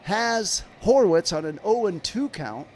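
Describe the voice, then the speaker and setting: A man with a notably high voice calls a baseball game live for his stream. He mixes the pitch-by-pitch calls with loose, rambling chat to viewers. A faint hum of background noise sits under his voice. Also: expressive, a little slow. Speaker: livestream baseball commentator. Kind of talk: live play-by-play commentary.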